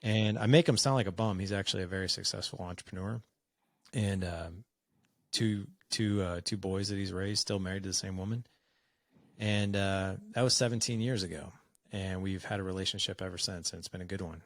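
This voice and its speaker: A man's voice: low voice, a little fast, no echo, clean studio sound. A man in his forties, a podcast guest, telling a personal story in a frank, conversational way and acting out the dialogue. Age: 40s.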